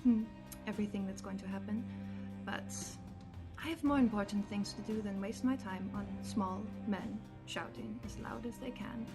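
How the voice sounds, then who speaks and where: A woman's voice: medium pitch, moderate pace. Woman player, cool and cutting. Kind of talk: tabletop role-play, in character. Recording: faint music behind.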